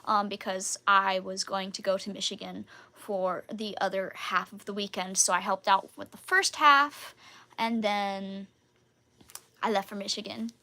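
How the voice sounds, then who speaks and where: A woman's voice: mid-range voice, steady tone, unhurried, bright, forceful tone. A woman hosting a casual live Q&A, chatting in a bubbly, giggly way. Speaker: channel host answering viewer questions.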